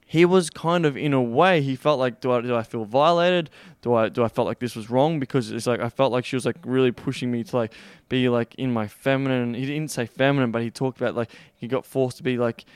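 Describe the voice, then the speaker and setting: A man hosts his own podcast as a sex coach, speaking in an emphatic motivational monologue. His voice is smooth and resonant, recorded close and dry, and he repeats his points, swears freely and stretches out the stressed words. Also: medium pitch, no room sound.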